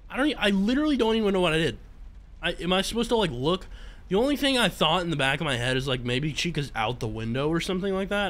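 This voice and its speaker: A man's voice: on the high side, fairly bright tone. Jumpy young man narrating a horror game. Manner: jumpy, swearing, screams in fright. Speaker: gaming YouTuber. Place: home room with his dog nearby.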